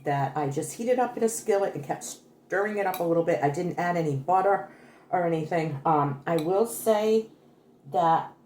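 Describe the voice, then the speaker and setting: Grandma type lady doing a cooking vlog, kinda low voice, chatty, roomy kitchen sound. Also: a little mellow, a little hiss or hum. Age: older. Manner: chatty, homey, self-correcting. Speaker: cooking vlogger. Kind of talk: casual cooking demonstration. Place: home kitchen.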